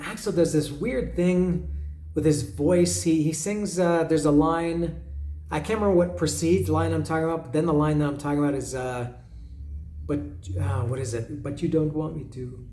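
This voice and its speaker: A man's voice: on the high side, darkish tone. Musing man in an echoey room. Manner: musing, hesitant, humming melodies and reading lyrics aloud. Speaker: podcast host reviewing an album. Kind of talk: casual solo commentary.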